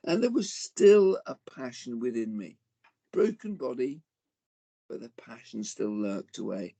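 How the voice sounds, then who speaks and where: A man in his forties speaks to parents in a motivational talk, his delivery swinging widely up and down as he tells his story. His voice is gravelly, with a husky edge and a dark, mellow tone. He often turns to his listeners and calls them folks. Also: mid-range voice, very animated, unhurried.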